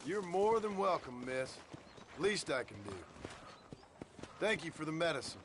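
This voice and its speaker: John Marston, a laconic gunslinger. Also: male voice, a little high, lively intonation, measured pace. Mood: terse. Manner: terse, polite. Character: laconic, polite gunslinger outlaw. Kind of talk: video game dialogue. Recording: game audio with clear ambient noise.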